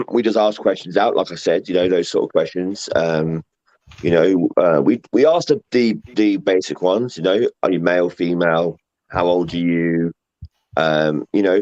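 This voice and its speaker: A man's voice: sits low, moderate pace, a little mellow, no room sound. A man with a London accent, a guest talking about paranormal investigating in a casual, rambling way full of fillers and repeats. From England. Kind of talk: casual chat. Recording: muffled lo-fi audio.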